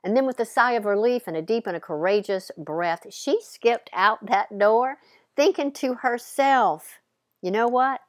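A woman's voice: a little high, a little slow, no echo, studio quality. A woman hosting a podcast, telling a story playfully and dramatically with voiced characters. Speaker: podcast host. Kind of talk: storytelling monologue.

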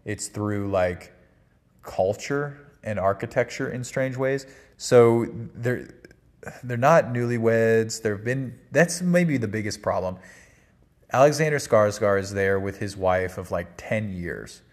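A man's voice: on the low side, expressive, slow pace. A man giving a casual, rambling spoken movie review, full of fillers and restarts. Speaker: film reviewer.

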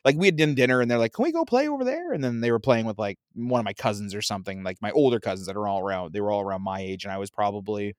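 A man's voice: lowish voice, steady tone, rapid-fire, few pauses, smooth, dry recording, clean studio sound. A man in his thirties casually telling a long family story, acting out his relatives and laughing often. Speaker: storyteller guest. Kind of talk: casual chat.

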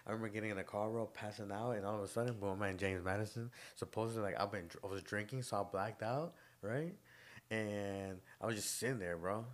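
A man's voice: fairly low pitch, quick pace. A young man co-hosting a podcast, telling rambling stories in casual chat with lots of slang and laughter. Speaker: podcast co-host.

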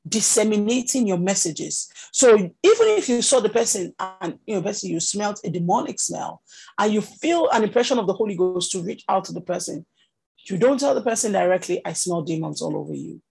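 A woman leads a teaching session over a video call. Her voice is gravelly and a little husky, and she keeps a loose, conversational flow dotted with "you know." She stays at a middling pitch throughout. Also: a little mellow, rough recording. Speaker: prophetic ministry teacher.

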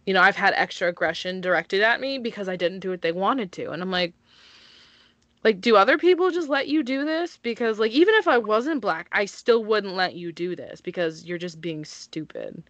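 A woman's voice: lowish voice, lively intonation, fairly quick, hardly any pauses, fairly bright tone, no echo, muffled recording. A woman co-hosting a podcast, talking in a blunt, emphatic way and swearing freely. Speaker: podcast co-host. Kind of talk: casual chat.

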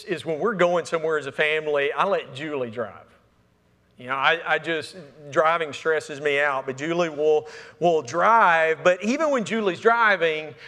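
A man preaches in a church, his voice a touch higher than most men's. He talks to the congregation like friends, stumbling over repeated words and asking them questions. A long reverb from the hall hangs on his words. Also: bright, forceful tone. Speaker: pastor. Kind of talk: sermon. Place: church sanctuary.

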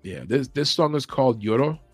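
A man hosting a late-night livestream, chatting loosely with his viewers and swearing freely, and now and then mimicking commentators with sudden yells and whispers. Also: mid-range voice, animated, a little fast, slightly rough. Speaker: podcast host. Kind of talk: casual livestream chat. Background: faint music playing.

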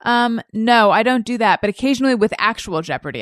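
A woman's voice: fairly high pitch, expressive, a little fast, dry recording. A woman hosting a podcast in casual chat, reading out listener questions with a dry, wry manner. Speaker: podcast host. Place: podcast studio.

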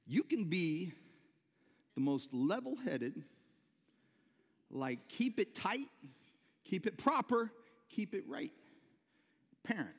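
A man preaching a sermon to his church, animated, repeating words and shouting when excited. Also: sits high, slow pace, long pauses, slightly rough, in a large hall. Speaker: pastor. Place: church sanctuary.

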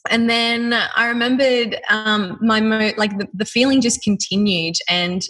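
A woman in her thirties with an Australian accent, telling her personal story in a lively way and laughing often. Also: on the high side, measured pace, low-quality recording.

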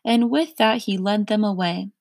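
A woman reading a children's storybook aloud in slow, careful narration. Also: medium pitch, darkish tone, no room sound. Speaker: reader.

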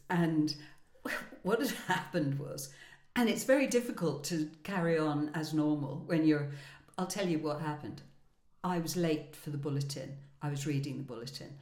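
Woman in her 60s, low voice, laughing storyteller, echoey room sound. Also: a little mellow. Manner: laughing storyteller, self-deprecating. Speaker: podcast co-host, former broadcaster. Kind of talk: casual chat, anecdotes. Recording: roomy echo.

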